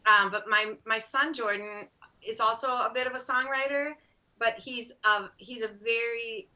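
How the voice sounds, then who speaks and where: A middle-aged woman, a singer-songwriter guest, telling stories in a casual interview in an animated, self-deprecating way, acting out bits of dialogue. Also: on the high side, moderate pace, low-quality recording. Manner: animated, acts out quoted dialogue.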